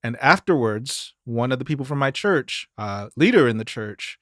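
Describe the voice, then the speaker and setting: A man from Mississippi talking casually as a podcast guest, mid-pitched and lively, slipping into quoted voices as he tells stories. The sound is dry and close, with no room around him. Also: normal speed, few pauses, dry recording. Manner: animated storyteller, acts out quoted voices. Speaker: guest singer.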